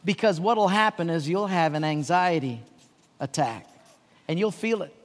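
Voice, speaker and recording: A man with a notably high voice tells a story to a conference crowd, drifting between hushed asides and bright laughing bursts. His voice carries a long hall reverb around it. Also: animated, normal speed. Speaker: pastor. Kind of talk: conference talk to leaders.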